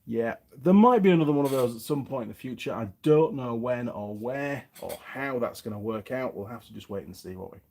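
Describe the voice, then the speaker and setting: A man's voice: mid-range voice, lively intonation, brisk, few pauses, darkish tone. A middle-aged man from England with a slightly faded Yorkshire accent, chatting casually on a livestream and reading viewer comments aloud. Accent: Yorkshire English, partly faded. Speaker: YouTube mechanic channel host.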